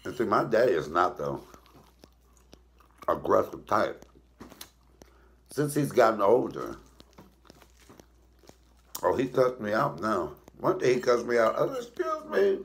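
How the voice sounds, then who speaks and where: A middle-aged male comedian telling blunt, profane stories in a casual, animated way while cooking. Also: lowish voice, unhurried, gravelly, pauses often. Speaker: comedian and cooking show host.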